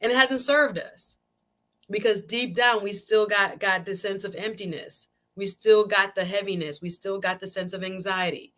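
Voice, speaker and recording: A woman's voice: medium pitch, normal speed, fairly bright tone. A woman hosting her own live-stream talk show, chatting casually and animatedly with viewers and often repeating phrases. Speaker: show host.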